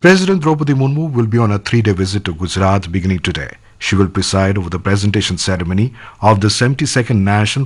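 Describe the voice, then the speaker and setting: A man reading news headlines as anchor in a measured, formal way. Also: lowish voice.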